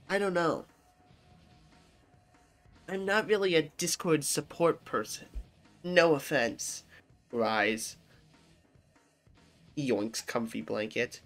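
Slow, lively comedic reader doing voices. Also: faint music behind. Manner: acts out both sides with wild pitch jumps. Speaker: comedic narrator. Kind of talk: comedic reading of chat screenshots.

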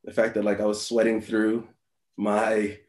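A man, a meditation teacher, telling a personal story in a dharma talk, halting, with many fillers and restarts, laughing often. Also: lowish voice, monotone, darkish tone, echoey room.

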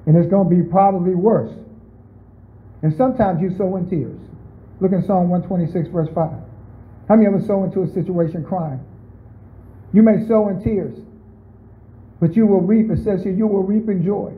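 A man's voice: high-pitched, moderate pace, pauses often. A pastor preaching a chatty, conversational sermon. He asks the congregation questions and calls on listeners by name. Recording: tinny, phone-like lo-fi recording.

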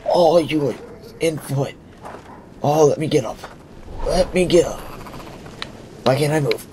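A man's voice: a little high, unhurried, mellow. A young man playing a video game and commenting as he goes, joking and talking back at the characters. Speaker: gameplay commentator. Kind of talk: let's play commentary. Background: game music.

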